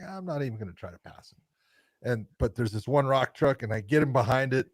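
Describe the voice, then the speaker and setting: A man's voice: mid-range voice, no room sound, clean studio sound. A man co-hosting a podcast, telling a story in casual chat, laughing as he talks and acting out the quotes. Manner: animated storyteller, laughs mid-sentence, acts out quotes. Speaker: podcast co-host.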